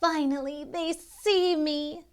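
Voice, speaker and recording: A woman voicing a tiny, shy, hopeful female kitten in a storybook read-aloud, with squeaky, breathless excitement. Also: slow pace. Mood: eager.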